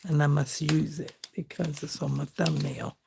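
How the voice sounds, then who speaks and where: A woman's voice: low-pitched, fairly even intonation, normal speed, vocal fry, a little mellow, a little hiss or hum. A middle-aged woman, chatting in a heartfelt, folksy way while she crafts for her vlog. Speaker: crafting vlogger. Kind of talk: casual chat while crafting.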